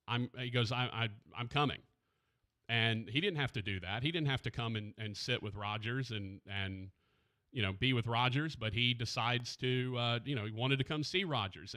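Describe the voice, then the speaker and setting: A man hosting a sports radio show, talking haltingly and with grief, searching for his words, close to a studio mic. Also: mid-range voice, bright, forceful tone. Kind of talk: emotional radio talk. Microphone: studio microphone.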